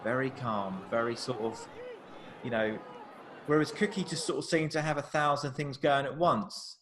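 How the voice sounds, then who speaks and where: A male filmmaker chatting in a live Q&A, swinging between quiet asides and excited bursts as he tells stories. He acts out what people said and often restarts his sentences. His voice sits at an average male pitch. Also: moderate pace, background noise. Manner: animated storyteller, acts out quotes, frequent restarts. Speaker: film director and producer. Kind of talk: live Q&A conversation.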